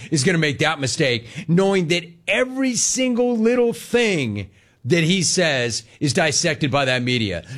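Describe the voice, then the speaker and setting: A man hosting a sports talk show, giving opinionated commentary with animated delivery, mocking mimicry and frequent laughs. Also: on the high side.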